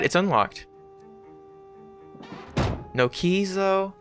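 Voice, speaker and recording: A man rambling through casual let's-play commentary as a gaming YouTuber, with sudden loud outbursts and swearing. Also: medium pitch, animated, normal speed, pauses often, over music.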